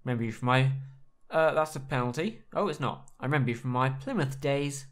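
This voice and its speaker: A man casually commentating on his own football management game, chatty and quick to react to every play. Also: mid-range voice. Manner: excitable, chatty, reacts aloud to the match. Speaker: gaming YouTuber playing a football management game. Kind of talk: casual live commentary on gameplay.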